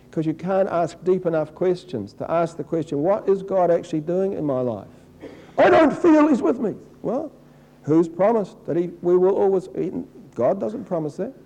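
A middle-aged man preaching a sermon in a conversational way, acting out people's complaints in a higher, whiny voice. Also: dark tone, low-quality recording. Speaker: pastor.

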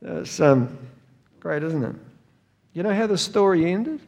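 A man's voice: on the high side, lively intonation, unhurried, creaky, darkish tone, big-room sound. An older man with a New Zealand accent, preaching a sermon in a folksy storytelling way and chuckling often. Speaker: pastor.

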